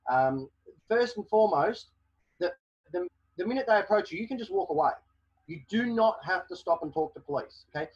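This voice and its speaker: A man's voice: sits high, animated, brisk, breathy edge. A man presenting a webinar, giving emphatic legal advice and checking in with "okay?" after each point. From Australia. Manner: emphatic, repeats "okay?" to drive points home. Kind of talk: explaining legal advice to a caller. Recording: dull, lo-fi webinar audio.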